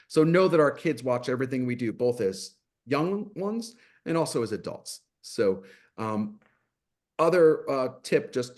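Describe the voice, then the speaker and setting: A man speaking as a mental health guest in a webinar discussion, animated and full of rhetorical questions. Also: medium pitch.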